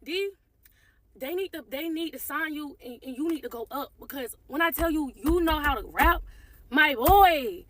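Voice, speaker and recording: A woman's voice: high-pitched, lively intonation, normal speed, a bit bright. A young woman telling a gossipy story to her phone camera, calling her viewers y'all. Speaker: storytime vlogger. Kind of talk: casual storytime chat to camera.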